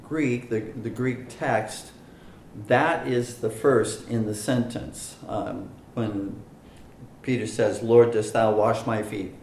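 A man teaching a Bible study, slow and deliberate, with many fillers and stress on single words. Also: medium pitch, roomy sound, a little hiss or hum, low-quality recording.

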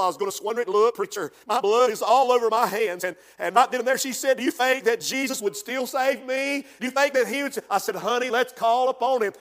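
An older male preacher with a very high voice delivers a fiery revival sermon. He tells stories quietly, then climbs into shouted, rhythmic lists of praise. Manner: storytelling that builds to shouted, chanted preaching.

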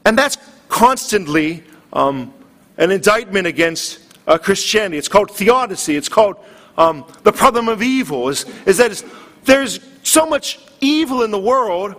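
A man's voice: high voice, very animated, moderate pace, a bit bright. A man preaching a sermon, earnest and building in intensity. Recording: long hall reverb.

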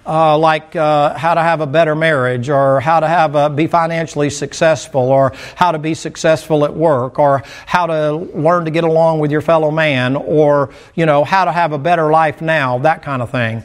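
A man's voice: fairly high pitch, steady tone, normal speed, few pauses. A middle-aged male pastor from the American mountains, preaching a sermon in a folksy, storytelling way with humorous asides. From American mountain region.

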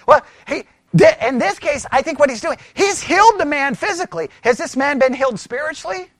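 A man teaching scripture in a conversational sermon, animated and full of rhetorical questions. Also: very high voice, fairly quick, few pauses, no room sound, studio quality. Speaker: pastor teaching.

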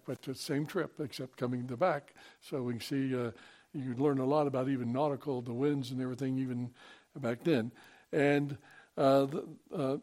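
A man preaching a sermon, reading scripture and praying, in an earnest, halting way with many pauses and restarts. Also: on the high side, a little mellow. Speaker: pastor. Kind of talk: sermon with Bible reading and prayer.

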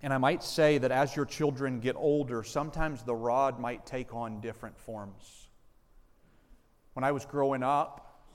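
A male pastor preaching a sermon, animated and acting out family members' lines. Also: mid-range voice, unhurried, big-room sound. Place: church sanctuary.

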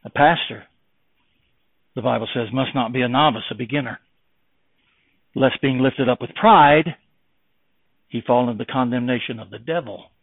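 Preacher on a tinny, dry line. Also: male voice, normal speed, pauses often, slightly rough, dry recording. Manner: impassioned preaching, swinging from loud exhortation to low earnest tones; rhetorical questions and King James scripture phrasing. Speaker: pastor. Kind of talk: sermon. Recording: dry, tinny phone-like sound.

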